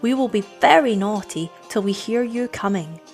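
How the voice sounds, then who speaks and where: A woman voicing a pair of eager young children, pleading in breathless, high-pitched tones. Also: expressive, normal speed, a little mellow, faint music behind, close to an everyday voice. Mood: desperate.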